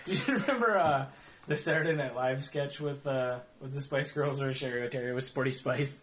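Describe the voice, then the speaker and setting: A man in casual podcast chat with a co-host. His voice sits at a middle pitch and stays easygoing. He laughs often and adds dry, understated remarks. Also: a little fast, fairly bright tone.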